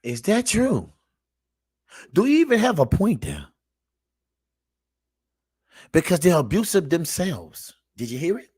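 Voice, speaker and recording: A man hosting his own show and reacting to clips with preachy commentary. He repeats himself, calls out to his audience, and swings from low muttering to loud emphatic shouting. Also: wildly swooping pitch, measured pace, pauses often, breathy edge, no echo, studio quality.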